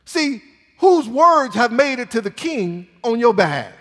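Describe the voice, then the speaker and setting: High, lively-voiced preacher in echoing sanctuary. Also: male voice, a little slow. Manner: dramatic, emphatic preaching with sudden swings in volume. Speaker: pastor. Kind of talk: sermon. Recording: long reverb in a large hall.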